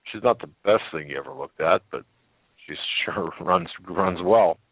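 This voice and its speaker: A man voicing a kind, gruff old widowed gas station owner who talks in a folksy, plain-spoken way. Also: low voice, animated, normal speed, no room sound. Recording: tinny phone-like line.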